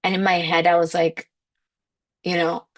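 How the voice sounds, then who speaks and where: A woman's voice: on the low side, flat delivery, normal speed. A woman coaching listeners through a motivational spiritual talk, emphatic and conversational, often saying "like". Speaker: manifestation coach.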